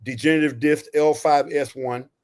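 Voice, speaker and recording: Animated, folksy older man. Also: fairly high pitch, moderate pace. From Texas. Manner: animated, folksy, says "you know" and "right?" often. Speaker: retired Army veteran, podcast guest. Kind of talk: storytelling in a podcast interview.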